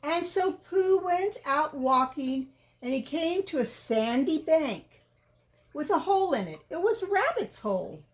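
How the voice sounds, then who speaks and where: Brief: woman reading a picture book aloud, unhurried and sing-song. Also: high voice. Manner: animated, asks the listener questions. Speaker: storyteller reading to children. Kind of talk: children's storybook read-aloud.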